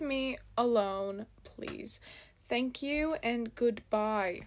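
A woman's voice: on the high side, takes it slowly. A woman YouTuber in a storytime vlog, reacting dramatically with exclamations and sudden whispers.

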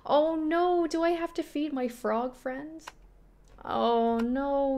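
A woman's voice: on the high side, expressive, slow pace. A woman streaming a horror game, reacting with sudden jumps and reading the on-screen text aloud to herself. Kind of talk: live gameplay commentary.

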